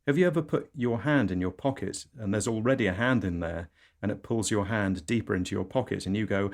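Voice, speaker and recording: A man delivering a deadpan surreal comedy monologue as a podcast host. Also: fairly low pitch, fairly quick. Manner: deadpan with sudden squeals.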